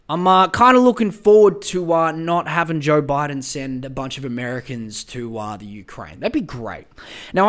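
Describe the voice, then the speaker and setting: An Australian man in his young adult years rants through a casual podcast monologue, profane and exasperated. His voice sits a touch high for a man, and he circles back over the same words as he vents. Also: a bit bright, clean tone. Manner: profane, exasperated, repeats himself. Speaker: podcast host.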